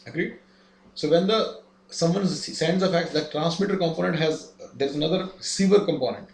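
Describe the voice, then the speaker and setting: A man's voice: a little high, brisk, gravelly, a little mellow, slight background noise. A man giving a lesson, explaining step by step and asking rhetorical questions. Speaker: instructor. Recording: echoey room, faint ambience.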